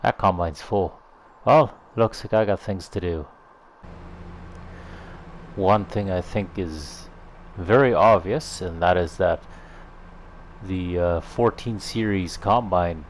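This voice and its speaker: A man hosting his gaming channel, chatting in a relaxed, rambling way over his farming gameplay, thinking out loud as he goes. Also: sits low, measured pace, pauses often, a little hiss or hum. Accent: slips into a put-on Irish lilt. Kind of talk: casual gameplay commentary.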